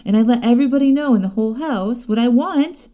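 A woman's voice: fairly high pitch, lively intonation, quick pace, mellow. A middle-aged woman coaching her listeners in a chatty, direct way, often laughing as she talks. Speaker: life coach. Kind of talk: podcast-style coaching talk.

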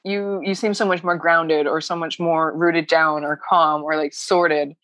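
A woman's voice: low-pitched, fairly even intonation, measured pace, fairly bright tone, no echo. A woman talking about her personal growth as a coaching client, emotional and laughing often as she rambles. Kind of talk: casual heartfelt chat.

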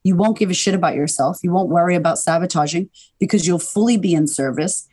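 Emphatic low-voiced woman guest. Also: quick pace, breathy edge. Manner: animated, emphatic, swears casually. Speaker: podcast guest, confidence coach. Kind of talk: casual interview chat.

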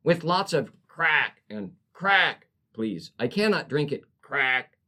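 A man's voice: on the high side, very animated, slow pace, sharp tone, full character voice. A man voicing a sweet young female drive-thru clerk whose politeness turns icy, in rhyming verse. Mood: prim, icy.

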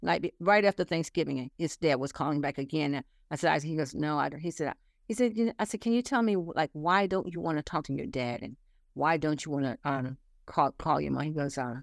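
A woman's voice: sits low, a little fast, vocal fry, dry recording, studio quality. Earnest woman in her sixties. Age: 60s. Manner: earnest storytelling, acting out quoted dialogue. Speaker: interview guest. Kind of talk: casual faith-based conversation.

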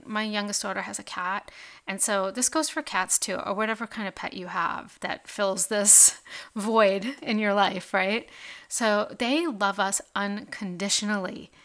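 A woman's voice: mid-range voice, a bit bright. A woman hosting her own podcast in a casual monologue, chatty and full of "like" and tag questions such as "right?" and "okay?". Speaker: podcast host.

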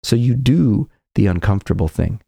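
A man's voice: on the low side, animated, moderate pace, creaky, warm tone, husky, no room sound. A man giving an earnest motivational talk as a confidence coach, often acting out people's inner voices.

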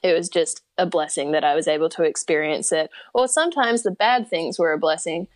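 A woman's voice: deep voice, fairly quick, no room sound. Upbeat Australian woman guest. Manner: upbeat, enthusiastic, laughs easily. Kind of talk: casual interview chat.

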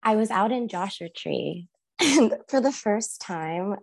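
A young woman telling a personal story as a guest, casual and animated, laughing often, acting out her own past lines and using lots of "like" fillers. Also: medium pitch, slow, gravelly.

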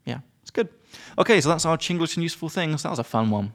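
A man's voice: a little high, expressive, fast, fairly bright tone. A man co-hosting a casual language-learning podcast, chatty and upbeat, explaining words with lots of examples. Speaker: podcast co-host.

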